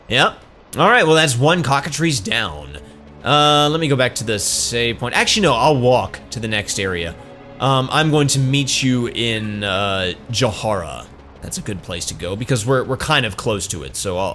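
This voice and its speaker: Male let's-play host, bright lively voice, relaxed running commentary. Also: medium pitch. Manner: relaxed, thinking aloud. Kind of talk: casual gameplay commentary.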